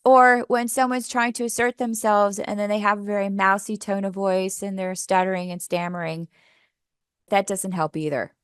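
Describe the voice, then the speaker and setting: A woman's voice: mid-range voice, steady tone, moderate pace, smooth, no echo, studio quality. Upbeat woman coaching a workshop. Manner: upbeat, coaching, asks the audience questions. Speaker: teacher trainer. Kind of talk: workshop presentation.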